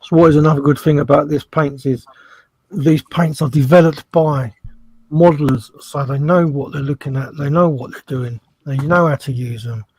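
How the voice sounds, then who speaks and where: A man's voice: on the high side, fairly even intonation, moderate pace, darkish tone, slightly rough, no echo, low-quality recording. Man explaining a product on stream. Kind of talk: casual live-stream chat.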